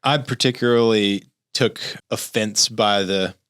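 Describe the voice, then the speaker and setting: A man with a lowish voice speaks on a podcast panel, making his points in a measured, detailed way. The recording is dry and close, with no room echo. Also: fairly bright tone, clean tone. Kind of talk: casual panel discussion.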